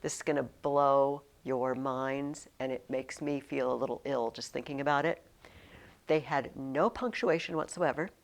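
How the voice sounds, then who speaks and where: A woman teaching a Latin class, leading students through the lesson. She talks in a chatty, emphatic way, with frequent fillers and quick restarts. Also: extremely low pitch, steady tone, vocal fry.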